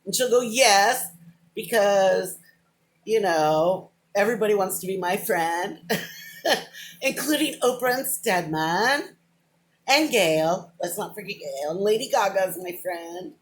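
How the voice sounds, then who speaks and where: Speaking at an unhurried pace with medium pitch and lively intonation, a middle-aged vlogger rambles to a camera held within arm's reach of her face. By her own description she wanders off and says "but anyway," and in this casual, emotional monologue she openly talks about crying.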